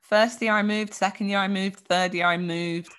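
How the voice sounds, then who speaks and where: A woman's voice: mid-range voice, steady tone, moderate pace, fairly bright tone, clean tone. A young woman co-hosting a podcast, chatting in a bubbly way with lots of exclamations. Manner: bubbly, exclamatory, laughs easily. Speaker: podcast co-host. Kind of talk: casual chat.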